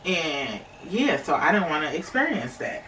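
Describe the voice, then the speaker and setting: Young woman vlogger, chatty, talks straight to viewers; bright tone, recorded in a roomy space. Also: sits low, very animated, normal speed, slight background noise. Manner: chatty, many fillers, addresses viewers as y'all. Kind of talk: casual storytelling to camera. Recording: echoey room, slightly distant mic.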